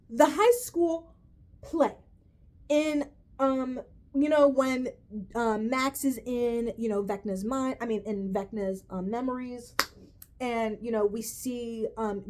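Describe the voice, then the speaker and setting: Exasperated and swearing, a woman vents to her viewers about a TV finale, rambling, correcting herself, restarting and saying "bro" a lot in a casual rant to camera. Her voice sits high and is a little mellow.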